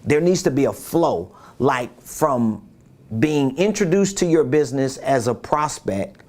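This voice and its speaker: A man's voice: medium pitch, lively intonation, a little slow, a little mellow. A man giving a business coaching talk, emphatic and repeating his key points, who acts out quotes in different voices.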